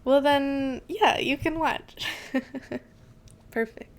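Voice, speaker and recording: A young woman streams a game and chats with her viewers at an unhurried pace. She laughs easily and leans on casual fillers between thoughts, sounding relaxed. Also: sits high. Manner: chatty, giggly, with many fillers. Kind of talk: casual gameplay chat with chat reading.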